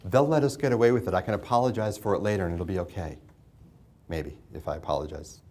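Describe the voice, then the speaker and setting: A man's voice: sits low, quick pace, a little mellow. Guy lecturing a mediation class, chatty, keeps quizzing the room and echoing answers. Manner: conversational, asks the class questions and repeats their answers. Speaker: mediation instructor.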